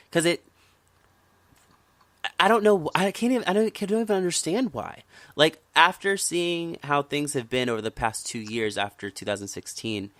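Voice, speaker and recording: A man's voice: on the high side, fairly bright tone, dry recording. A man from the United States hosting a podcast, talking politics in a casual, impassioned way and repeating words when worked up. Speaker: podcast host.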